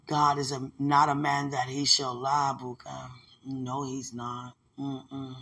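Young woman, husky and gravelly, speaking tenderly to her partner with lively religious storytelling. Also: a bass voice, takes it slowly, few pauses. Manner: affectionate, laughing, religious, animated storytelling. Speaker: fiancée talking to her partner. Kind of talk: casual emotional chat.

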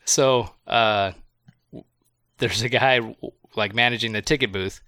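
Male podcast co-host, slightly low, bright tone, swears freely, giggly plot recapper, dry booth sound. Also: unhurried, clean tone, dry recording. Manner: laughs often, swears, recaps plot loosely. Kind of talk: casual movie review chat.

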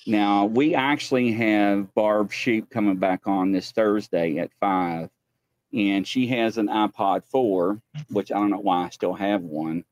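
A man's voice: fairly low pitch, a little slow, dull audio. A middle-aged man from the United States hosting a show, telling stories casually and acting out the voices of the people in them. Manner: animated, acts out voices while telling stories. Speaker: host. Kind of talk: casual storytelling.

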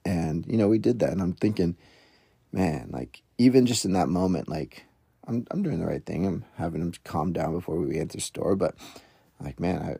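A man's voice: sits low, gravelly, dark tone, slightly rough, no room sound, studio quality. A man in his thirties, a parenting coach, telling a rambling, self-deprecating story in a casual podcast, with many fillers and restarts.

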